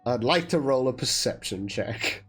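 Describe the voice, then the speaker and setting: Young man, tabletop player, casual banter, swears and laughs, mid pitch. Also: lively intonation, moderate pace, fairly bright tone, slightly rough, faint music behind. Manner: joking, swearing, laughs often. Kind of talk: casual tabletop role-play.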